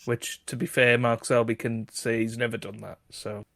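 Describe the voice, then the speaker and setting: Male co-host, mid-pitch, giggly and self-deprecating, stumbling restarts; dry close mic. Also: flat delivery, normal speed, vocal fry, fairly bright tone, no echo. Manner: self-deprecating, laughs often, stammering restarts. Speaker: podcast co-host. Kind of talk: casual comedy chat.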